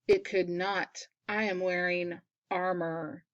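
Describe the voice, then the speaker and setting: A woman voicing a stern, humorless armored dark lord while reading a picture book aloud, with flat, curt denials. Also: on the low side, slow, no room sound, lo-fi sound. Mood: dismissive.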